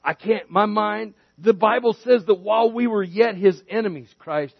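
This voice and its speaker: A man preaches a sermon, telling homespun stories and building to emphatic points. His voice sits high for a man. The sound is dry and a little dull. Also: normal speed, vocal fry, slightly rough, no room sound. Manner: folksy storytelling preacher, rises in pitch for emphasis. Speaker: pastor.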